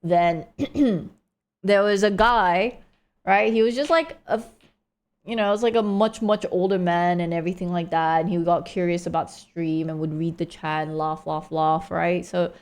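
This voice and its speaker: A woman's voice: on the low side, moderate pace, a little mellow, clean tone. Woman streamer telling a story. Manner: rambling, heavy use of "like" and "right?". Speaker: live streamer. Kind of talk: casual storytelling to chat.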